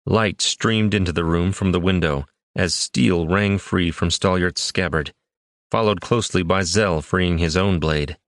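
Male audiobook narrator, deep, measured dramatic reads, dry booth sound. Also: no room sound. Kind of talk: scripted fantasy narration.

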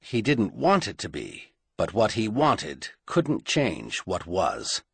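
Male audiobook reader, slow and dramatic, low husky voice with lively pitch. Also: dry recording, studio quality. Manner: measured, dramatic storytelling. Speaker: audiobook narrator. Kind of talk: scripted audiobook narration.

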